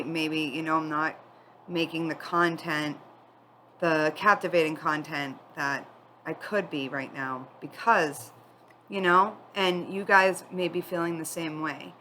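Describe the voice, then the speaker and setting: A woman giving a spiritual tarot reading, tearful and crying as she talks in a candid, halting, confiding way. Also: deep voice, bright, forceful tone, a little hiss or hum, low-quality recording. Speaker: tarot reader.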